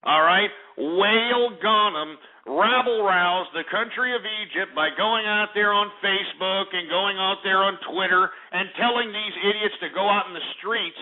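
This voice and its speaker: A man's voice: sits high, a little slow, few pauses. A man hosting a talk radio show, ranting in an angry, profane, sarcastic way. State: out of breath. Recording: tinny phone-like radio recording.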